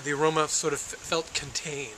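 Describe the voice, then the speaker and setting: A man's voice: fairly high pitch, flat delivery, fairly quick, pushed and bright, roomy sound, slight background noise. A man tasting wine and describing it, thoughtful and hesitant, searching for words. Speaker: guest taster. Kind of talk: casual tasting chat. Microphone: handheld camcorder.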